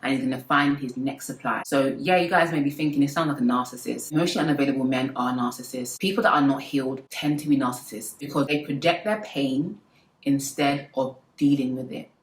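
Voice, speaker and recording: A young woman giving relationship advice to her viewers in a lively, preachy way with playful asides. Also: rumbling low, a little fast, reverberant, poor audio. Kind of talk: casual advice talk to camera.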